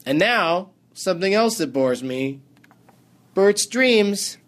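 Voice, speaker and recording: A man's voice: high voice, animated, takes it slowly, fairly bright tone. A man hosting a casual movie review, dry and sarcastic in tone. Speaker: movie review podcast host.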